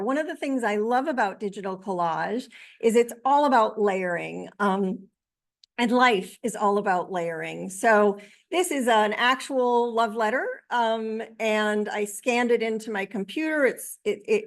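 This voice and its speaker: A woman author talking about her book and showing her artwork, in a halting way with many pauses and fillers. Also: mid-range voice. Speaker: author and widow.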